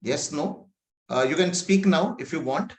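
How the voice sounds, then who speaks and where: A man's voice: fairly high pitch, measured pace, echoey room. A man from India, an agile coach, leading an online training session in a conversational way, with many fillers and rhetorical questions. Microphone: video call.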